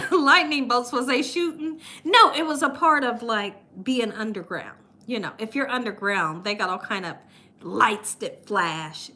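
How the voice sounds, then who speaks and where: A woman hosting a live cooking stream, telling stories in a lively way and laughing often. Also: a little high, measured pace. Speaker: cooking channel host. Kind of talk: live-stream storytelling chat.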